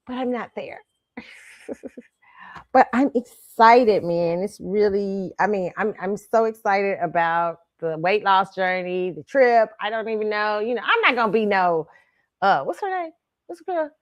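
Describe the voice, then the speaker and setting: A woman's voice: fairly high pitch, dry recording, lo-fi sound. Chatty woman hosting her own show. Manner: chatty, laughs often between phrases. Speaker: host. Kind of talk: casual chat.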